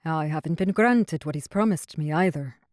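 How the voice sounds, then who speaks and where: A woman's voice: deep voice, moderate pace, darkish tone, no echo, studio quality, lightly acted. A woman doing a scheming pirate captain. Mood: sly. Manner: cool, with twisted humor. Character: scheming middle-aged male pirate captain, menacing.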